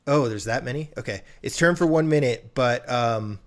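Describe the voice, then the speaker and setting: A man playing a tabletop game, casually explaining his cleric's turn with halting fillers. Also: medium pitch. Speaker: player, cleric.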